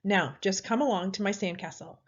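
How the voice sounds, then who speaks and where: A woman's voice: mid-range voice, fairly quick, dull audio, close to an everyday voice. A woman voicing a small, bossy female sand creature who cackles, in a storybook reading.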